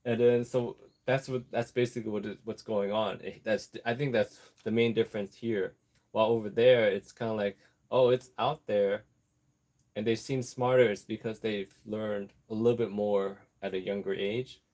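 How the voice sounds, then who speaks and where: A man's voice: lowish voice, steady tone, normal speed, darkish tone. A man vlogging in a rambling casual chat, digressing and laughing often while he works on an apron. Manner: chatty, digressive, laughs often, easily distracted; talks while sewing an apron.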